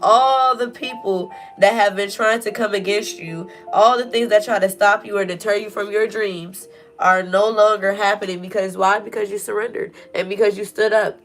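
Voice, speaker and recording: A woman's voice: mid-range voice, steady tone, normal speed, soft background music. A woman giving a casual spiritual tarot reading, earnest and preachy, repeating phrases for emphasis. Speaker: tarot reader.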